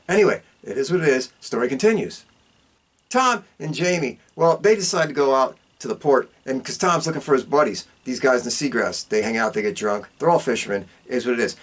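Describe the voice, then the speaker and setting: A man hosting a podcast, casually recapping a film in an animated, profane storytelling manner with big swings in pitch and a repeated catchphrase. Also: brisk. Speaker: podcast host.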